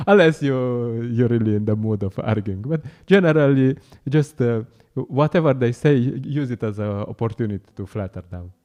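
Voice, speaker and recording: A man's voice: medium pitch, animated, normal speed, a little mellow. A man giving an informal, chatty talk at a temple class, laughing often and acting out encounters with people on the street.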